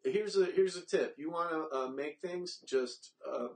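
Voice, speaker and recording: A man's voice: fairly high pitch, measured pace. A man co-hosting a casual sports watch-along podcast, joking and rambling in slangy banter. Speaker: podcast co-host.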